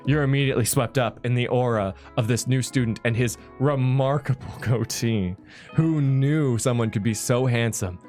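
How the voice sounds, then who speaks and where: A man's voice: mid-range voice, moderate pace, a little mellow, faint music behind. A man streamer reading a game's story aloud with playful, dramatic narration. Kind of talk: reading a dating game aloud.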